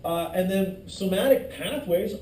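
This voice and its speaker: A man's voice: high-pitched, a little slow, a little mellow. A male instructor giving a classroom lecture, loose and joking with his students. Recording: echoey classroom from far off, faint noise.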